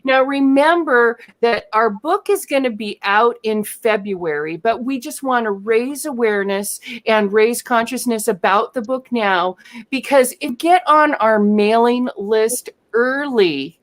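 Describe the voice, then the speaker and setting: A woman's voice: on the high side, a little slow. Gushing lady host introducing her guests, lots of ums, upbeat. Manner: chatty, enthusiastic, many um fillers. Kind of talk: casual online talk show hosting.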